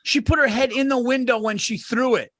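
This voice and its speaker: High-voiced guy cohosting a podcast, excitable, swears a lot, keeps restarting sentences. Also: a little fast. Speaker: podcast co-host. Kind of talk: casual chat.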